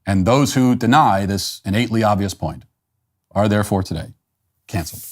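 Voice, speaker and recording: A man with a somewhat low voice delivers an opinion monologue as host of his own commentary show. His delivery is measured and emphatic, and he slows down deliberately to drive his points home.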